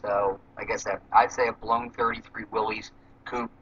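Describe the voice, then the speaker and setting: A man's voice: lowish voice, level tone, moderate pace, a bit bright, slightly rough. A man being interviewed about drag racing, talking casually and rambling with many fillers. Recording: slightly dull with faint noise.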